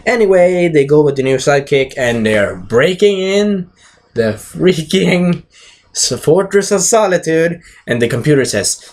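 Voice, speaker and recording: A man's voice: on the high side, animated, measured pace, darkish tone. A man giving a rambling, casual movie recap, jumping around and swearing now and then. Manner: rambling, jumps around, frequent fillers and swearing. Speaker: movie reviewer.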